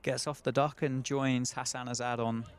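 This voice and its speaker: A man with a medium-pitched, clean voice commentates live cricket ball by ball at a moderate pace and a flat delivery, staying chatty and often turning to his co-commentator with questions.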